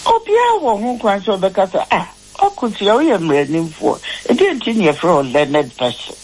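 Woman lawyer, radio guest, husky and measured, emphatic and lecturing. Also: medium pitch, very animated, darkish tone, low-quality recording.

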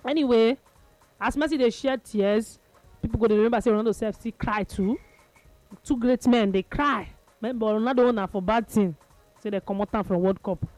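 A woman with a Nigerian accent hosting a radio chat show, telling stories in a lively, playful way. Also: a little high, brisk, dry recording, soft background music. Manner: lively, laughing, playful storytelling. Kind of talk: casual chat in Nigerian Pidgin and English.

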